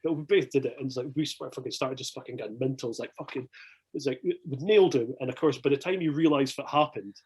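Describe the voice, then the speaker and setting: Husky Scottish man telling stories. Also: mid-range voice, quick pace, low-quality recording. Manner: animated anecdote-telling, heavy swearing. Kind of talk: casual podcast chat.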